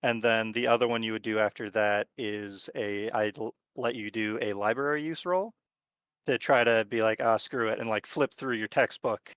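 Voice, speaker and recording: A man narrating as game master of a tabletop horror game, talking in a relaxed, rambling way with lots of fillers. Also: on the low side, normal speed, smooth, no echo.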